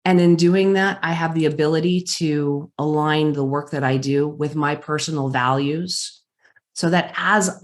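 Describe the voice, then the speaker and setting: A middle-aged woman and business consultant, telling a personal story as a keynote speaker, with slow, emphatic, dramatic phrasing and pauses. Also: on the low side.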